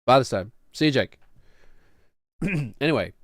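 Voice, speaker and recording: A man's voice: mid-range voice, lively intonation, measured pace, dry recording, studio quality. A man in his late thirties, a streamer explaining his own music production in a casual, rambling, self-deprecating way and laughing often. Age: late 30s.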